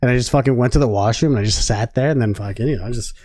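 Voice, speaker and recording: A man's voice: mid-range voice, very fast, darkish tone, no echo, clean studio sound. A man co-hosting a podcast, telling a crude story in a laid-back way, agreeing a lot and swearing often. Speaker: podcast co-host. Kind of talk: casual chat.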